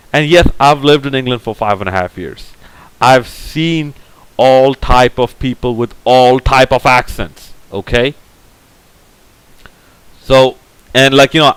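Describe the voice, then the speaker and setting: In a rough but echo-free recording, a man with a medium-pitched, fairly bright, clean-toned voice rambles through a casual film review. He's blunt and opinionated, sprinkling in fillers like "like, you know."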